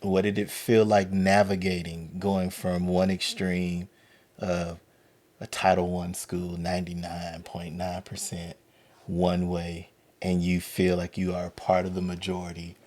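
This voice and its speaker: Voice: low voice, monotone, measured pace, a little mellow. A podcast host asking questions and giving short encouraging responses. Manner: brief encouraging backchannels. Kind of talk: interview questions.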